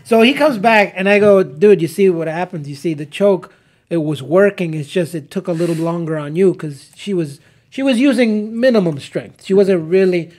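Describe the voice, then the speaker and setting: High-voiced man telling animated stories. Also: normal speed. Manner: animated storyteller acting out quotes. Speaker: podcast co-host, jiu-jitsu instructor. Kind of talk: casual podcast chat, storytelling.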